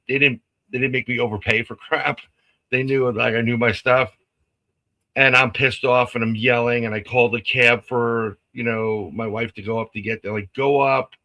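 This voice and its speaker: Bright-voiced man telling a story animatedly. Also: mid-range voice, rough recording. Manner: animated, acts out quotes, laughs often. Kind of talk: casual storytelling on a live stream.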